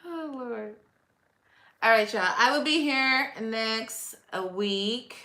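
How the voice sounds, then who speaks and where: A woman's voice: on the high side, slow, bright, forceful tone, echoey room. A woman hosting a casual livestream, chatting with viewers, laughing often and reacting to comments. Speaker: livestream host. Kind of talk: casual live chat.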